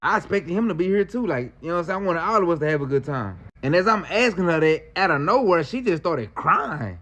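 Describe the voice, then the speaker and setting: A man telling a story in casual slang, animated and acting out the people in it. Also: fairly high pitch, fast talker, lo-fi sound. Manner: animated, slangy, acts out quotes.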